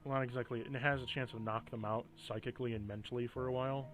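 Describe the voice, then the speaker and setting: A man's voice: mid-range voice, steady tone, very fast, fairly bright tone. A man running a tabletop game as game master, explaining the rules with hesitant fillers.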